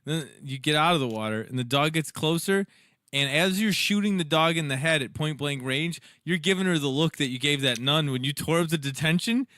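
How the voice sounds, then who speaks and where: A man's voice: fairly high pitch, fairly quick, pushed and bright, no echo, clean studio sound. A man co-hosting a podcast in casual chat, joking and teasing, riffing with acted-out voices. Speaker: podcast co-host.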